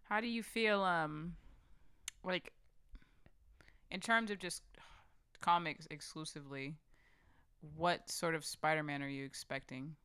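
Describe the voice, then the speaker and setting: A playful co-host in a casual movie chat, quick to joke. The voice is bright and sharp, at a middle pitch. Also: steady tone, smooth. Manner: joking, playful.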